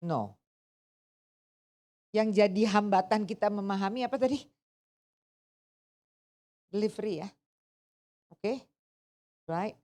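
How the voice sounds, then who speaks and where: A woman's voice: mid-range voice, measured pace, pauses often. A woman teaching an English test class, switching between languages and firing questions at her students. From Indonesia. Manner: animated, asks the class questions, code-switching. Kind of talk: interactive lesson, mixing English and Indonesian.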